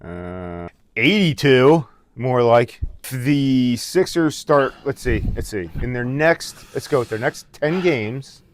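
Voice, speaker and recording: A man co-hosting a casual podcast, laid-back and hesitant, with deadpan teasing. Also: mid-range voice, slow, dry recording. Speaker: podcast co-host. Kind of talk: casual chat.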